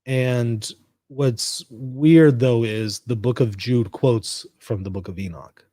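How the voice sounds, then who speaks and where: A man's voice: mid-range voice, slow pace, dark tone, no room sound, studio quality. Chatty American man hosting a livestream. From United States. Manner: conversational, reads chat comments aloud and riffs on them. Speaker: livestream host. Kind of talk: casual livestream chat.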